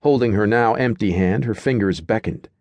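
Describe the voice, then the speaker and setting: A man reading an audiobook in a steady, measured storytelling manner. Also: lowish voice, dry recording. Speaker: audiobook narrator. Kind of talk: scripted narration.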